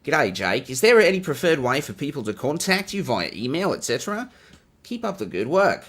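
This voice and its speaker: A man's voice: fairly high pitch, very animated, brisk, a bit bright, pitched above the performer's own voice. A man putting on a cartoon Australian bloke. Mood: earnest. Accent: put-on Australian. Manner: exaggerated, cartoonish. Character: cartoonish Australian man reading a fan letter.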